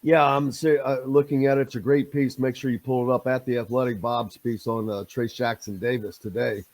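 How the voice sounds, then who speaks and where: Emphatic sports radio host, dry sound. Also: male voice, mid-range voice, flat delivery, brisk, a little mellow, no room sound. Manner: emphatic, jumps in to disagree.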